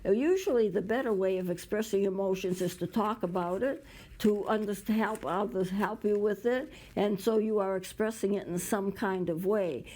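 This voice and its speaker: A woman's voice: mid-range voice, normal speed, mellow, low-quality recording. A woman hosting a community TV talk show, explaining ideas with everyday examples and stopping now and then to cough. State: coughing at times. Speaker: show host.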